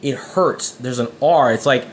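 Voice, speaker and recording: A man's voice: mid-range voice, a little slow, slight background noise. A man talking to camera about his own story, emphatic and often restarting words. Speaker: vlogger.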